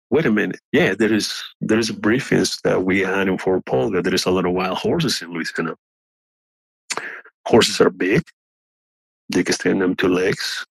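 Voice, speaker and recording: A man whose first language is not English, earnestly telling his story with halting restarts and frequent throat clearing. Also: lowish voice, no room sound, poor audio. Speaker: guest telling an encounter story.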